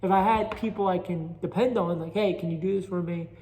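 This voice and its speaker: A man with a New York Italian accent hosts a solo casual podcast, speaking in a high-pitched, slightly mellow voice with fairly even intonation and a brisk pace. An amateur stand-up comic, he rambles restlessly and mocks his own stand-up. It's a phone recording with echoey chamber reverb and slight background noise.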